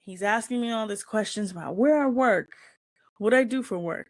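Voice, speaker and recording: A woman's voice: mid-range voice, moderate pace, no echo. A woman hosting a casual chat show, telling a long personal story and acting out what people said. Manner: animated, acts out the quoted lines in the story. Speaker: host.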